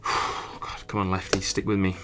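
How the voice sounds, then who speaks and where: A man's voice: sits low, completely flat delivery, moderate pace, music in the background. A young man chatting casually while he draws, muttering and swearing as he gets frustrated. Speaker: artist streamer. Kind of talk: casual drawing commentary.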